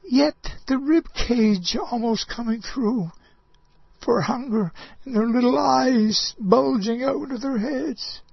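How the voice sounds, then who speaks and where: A man preaching a sermon, impassioned, swinging between loud outbursts and soft low asides. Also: takes it slowly, creaky, husky, no room sound, highs cut off.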